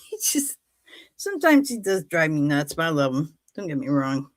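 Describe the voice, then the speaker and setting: A woman hosting a casual faith chat on a livestream, telling animated stories, acting out what others said and laughing often. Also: deep voice, normal speed, no echo. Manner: animated storytelling, acts out quoted voices, laughs often. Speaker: livestream host.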